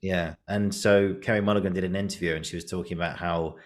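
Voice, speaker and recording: A man hosting a podcast, talking in a relaxed, reflective, easygoing way. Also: low voice, fast talker. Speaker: podcast host. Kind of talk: casual podcast chat.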